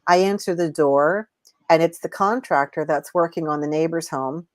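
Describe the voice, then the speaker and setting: Guest woman, intuitive reader: low voice, dry close sound, rambling, lots of restarts. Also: normal speed, dry recording. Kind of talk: casual live chat.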